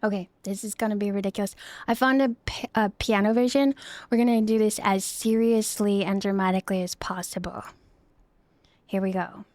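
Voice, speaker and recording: A woman's voice: medium pitch, steady tone, normal speed, darkish tone. A young woman livestreaming, chatting casually and giggly with her viewers into a close desk microphone. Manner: bubbly and giggly, chatty asides. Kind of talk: casual chat with live viewers.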